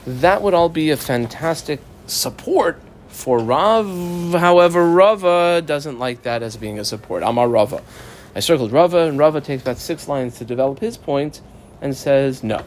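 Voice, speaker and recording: A man's voice: a little high, animated, normal speed, a little hiss or hum. Man teaching a Talmud class. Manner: explains step by step, asking and answering his own questions; reads Aramaic text and translates phrase by phrase. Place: small study group.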